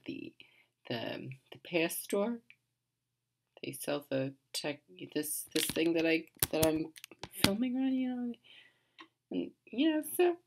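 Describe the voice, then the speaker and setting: Woman, comedic home vlogger: low-set voice with big pitch swings, rambling and repetitive, swears freely, slips into a half-whisper, computer mic. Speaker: comedic vlogger playing a mother. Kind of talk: rambling comedic vlog monologue. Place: home, indoors. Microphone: built-in computer mic.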